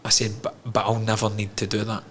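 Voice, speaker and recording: Low-voiced man telling his story. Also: monotone, fairly quick, fairly bright tone, a little hiss or hum. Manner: frank and emotional, swears freely, calls the host mate. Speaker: podcast guest. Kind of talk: candid personal storytelling.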